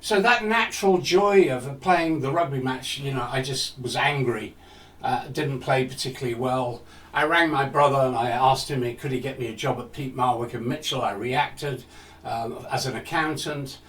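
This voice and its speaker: A man's voice: mid-range voice, normal speed, a bit bright. A man in his seventies telling a personal story in a talk, reflective and asking rhetorical questions. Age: 70s. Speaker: speaker. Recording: roomy echo, distant mic.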